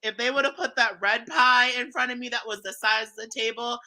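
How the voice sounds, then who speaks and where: A man's voice: very high-pitched, fairly even intonation, brisk, pushed and bright, low-quality recording. A man on a podcast panel, talking in a campy, dramatic, sassy way in casual chat.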